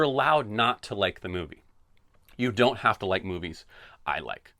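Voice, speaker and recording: A man hosting a solo podcast, talking in an animated, sarcastic, tongue-in-cheek way. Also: on the low side, moderate pace, no room sound, studio quality. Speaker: podcast host. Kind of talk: opinionated solo podcast rant.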